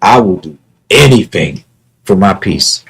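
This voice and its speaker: A man's voice: deep voice, lively intonation, a little slow, vocal fry, fairly bright tone, slight background noise, rough recording. A man talking casually on his own livestream, earnest and repetitive, often restarting his words. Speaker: live streamer.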